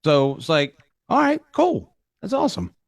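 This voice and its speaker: A man co-hosting a morning radio show, chatting casually and telling animated stories, quick to protest when teased. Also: on the high side, dry recording, studio quality. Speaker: radio co-host.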